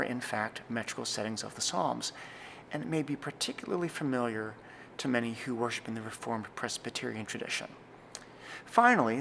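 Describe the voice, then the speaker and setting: A young man explains church singing in a measured, earnest teaching voice. His mid-range tone carries a gravelly edge of vocal fry. A faint hiss of noise sits under the recording. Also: mid-range voice, fairly bright tone. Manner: measured, earnest, reads slowly and deliberately in demonstrations. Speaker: church music director. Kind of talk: scripted instructional talk.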